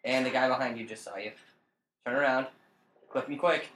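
Co-hosting a relaxed gaming podcast, a young man goads his friend with dares and a stream of swearing. His mid-range voice is a bit bright with fairly even intonation at a moderate pace, and the echoey recording has a little hiss or hum.

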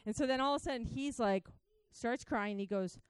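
Woman preacher giving a fired-up sermon, dry close sound, fairly high voice. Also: a little fast, smooth, dry recording. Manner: impassioned, talks straight to the crowd. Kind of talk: sermon with personal testimony.

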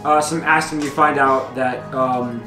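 A man's voice: mid-range voice, fairly even intonation, unhurried, echoey room, music in the background. A young man narrating a tabletop game as game master, hesitant with frequent ums and restarts.

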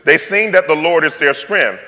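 Bright, playful preaching man in a reverberant hall. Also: fairly high pitch, lively intonation, normal speed. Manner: playful, conversational preaching with slang and asides. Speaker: pastor. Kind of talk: sermon.

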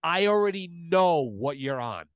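A man's voice: a little high, big pitch swings, a little slow, clear, resonant tone, dry recording. A man telling stories in a casual podcast chat, profane and emphatic. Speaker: podcast guest, plumber.

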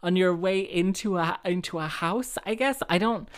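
A woman with a low-pitched voice rambling through a casual solo monologue. She mocks herself, laughs often and trips over restarts and filler words as she goes. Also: moderate pace. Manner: chatty, self-mocking, giggly, many fillers and restarts. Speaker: solo show host and harpist.

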